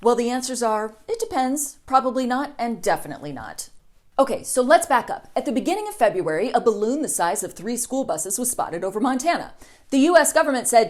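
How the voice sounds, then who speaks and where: Woman, comedy news host, sarcastic, scripted monologue, bouncy pitch. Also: sing-song, a little fast, a little mellow. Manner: sarcastic, with mocking voices for quotes.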